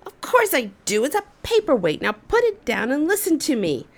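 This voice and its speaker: A woman voicing an angry male office boss who shouts and scolds. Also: sits high, big pitch swings, normal speed, pitched above the performer's own voice. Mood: impatient.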